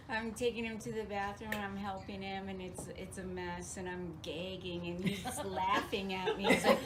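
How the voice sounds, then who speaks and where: Laughing daughter telling stories. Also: female voice, mid-range voice, measured pace, noisy background. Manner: laughing, lively retelling. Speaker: daughter sharing memories. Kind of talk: casual storytelling.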